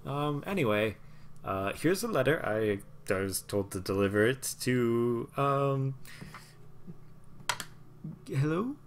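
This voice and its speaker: A man's voice: mid-range voice, very animated, slow, pauses often, a little hiss or hum, voice pushed up. A man voicing an eager, nervous little male halfling courier who rambles and is overly polite.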